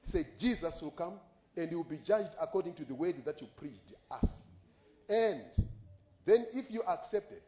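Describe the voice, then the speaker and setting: A man preaching a sermon as an impassioned storyteller whose voice rises sharply on exclamations, paused for live interpretation. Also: on the high side, lively intonation. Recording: echoey, dull lo-fi recording.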